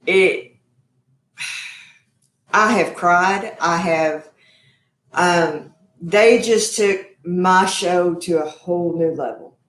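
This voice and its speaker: A woman's voice: on the low side, drawn-out words, long pauses, echoey room. A woman hosting a live cooking stream from her home kitchen, chatty and effusive, calling her viewers y'all. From Texas. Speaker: cooking show host.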